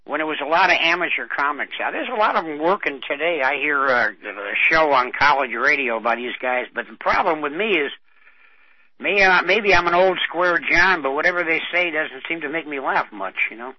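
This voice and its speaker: A man's voice: fairly high pitch, animated, moderate pace, no room sound. An older man co-hosting a radio show, reminiscing in a rambling way with many fillers. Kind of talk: casual radio chat. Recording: dull dry radio audio.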